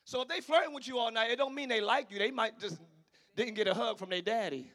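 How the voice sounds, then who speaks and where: Male preacher; bright, sharp tone, animated delivery with sudden shouts. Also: very high-pitched, fast. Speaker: pastor. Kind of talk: sermon.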